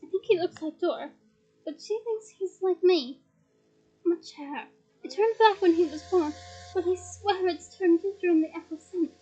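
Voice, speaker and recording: A woman's voice: very high voice, moderate pace, dark tone, highs cut off. A woman voicing a middle-aged male wizard and new father who exclaims, breathless with happiness. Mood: cheerful.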